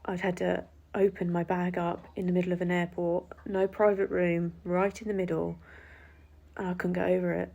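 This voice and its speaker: A woman's voice: on the low side, flat delivery, moderate pace, gravelly, dark tone, lo-fi sound. A woman telling an indignant story to camera, swearing freely and acting out what was said. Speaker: vlogger.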